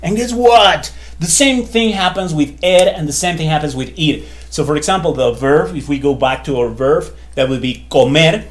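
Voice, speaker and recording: A man's voice: fairly high pitch, normal speed. Chatty man teaching at a whiteboard. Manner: chatty, repeats himself, many fillers. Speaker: Spanish teacher. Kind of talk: casual whiteboard lesson.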